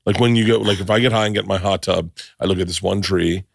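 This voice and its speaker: Low-voiced man hosting a podcast. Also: steady tone, fast talker, creaky, slightly rough, no room sound, clean studio sound. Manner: loud, jokey, swearing. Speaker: podcast host. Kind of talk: casual chat.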